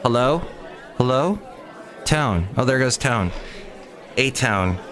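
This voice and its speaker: A man's voice: mid-range voice, animated, takes it slowly, a loud crowd. A man hosting a solo podcast, talking in a rambling, jokey way that drifts from topic to topic. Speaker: podcast host.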